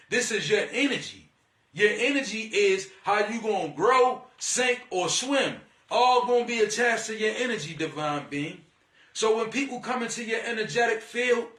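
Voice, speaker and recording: A man with a high, sharp, bright voice delivers a casual spiritual pep talk in blunt, profane slang. He keeps calling the listener "divine being" and lectures with a preachy edge. The sound is roomy, from a little way off the mic. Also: moderate pace, distant mic. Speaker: spiritual energy reader.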